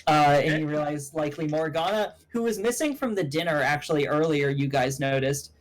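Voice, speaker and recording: A young man narrating a tabletop game as game master on a stream, rambling with fillers and quick self-corrections. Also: a little high, slight background noise, low-quality recording.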